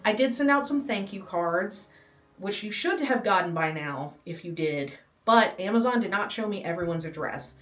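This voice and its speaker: A woman's voice: mid-range voice, animated, normal speed, fairly bright tone, distant mic. A pregnant young woman giving a casual, self-deprecating, rambling home tour, sometimes out of breath. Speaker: vlogger. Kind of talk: casual nursery tour vlog. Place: small nursery room at home. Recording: roomy, from off-mic, with faint music. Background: air conditioner hum and faint music.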